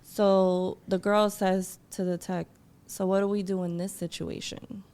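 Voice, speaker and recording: A woman guest telling an emotional personal story, acting out what people said with lively quoted voices. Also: measured pace. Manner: animated, acts out quotes in a higher voice.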